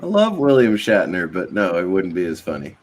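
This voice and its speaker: A man's voice: sits low, huge pitch swings, fairly quick. A man hosting live movie commentary, chatting and laughing often. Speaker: host.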